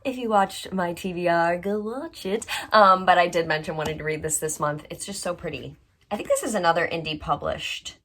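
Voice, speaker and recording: Young woman, book vlogger, low-pitched but bubbly, chatty, lots of filler words. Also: a little fast, a bit bright, a little hiss or hum. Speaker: book channel host. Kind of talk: casual book vlog chat.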